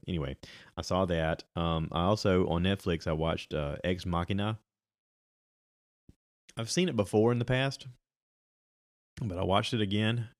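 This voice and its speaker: A man's voice: deep voice, no echo, clean studio sound. A middle-aged man chatting casually on his own about movies and podcasts, rambling with many ums and restarts.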